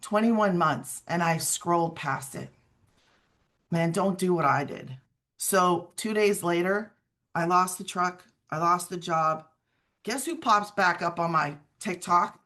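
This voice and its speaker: A woman's voice: lowish voice, takes it slowly, fairly bright tone. A middle-aged woman giving an earnest, conversational personal testimony as a guest, often quoting her own past words. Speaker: guest sharing her story.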